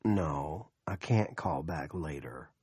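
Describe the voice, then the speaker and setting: A man voicing a smug, scheming middle-aged male town politician who speaks slowly and condescendingly. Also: rumbling low, lively intonation, darkish tone, husky, no room sound, clean studio sound, pitched below the performer's own voice, exaggerated voice. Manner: slow, condescending and self-satisfied.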